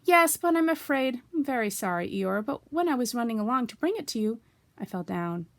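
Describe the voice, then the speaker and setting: A woman voicing a small, timid young male piglet who talks in a squeaky, nervous, stammering way, in a storybook reading. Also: sing-song, brisk, no room sound.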